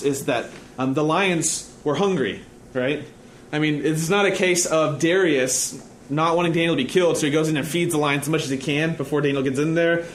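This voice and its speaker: A man teaching a conversational sermon, often checking in with the listeners by asking "right?". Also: fairly high pitch. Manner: casual, asks "right?" often. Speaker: preacher and teacher. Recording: echoey room, faint background noise.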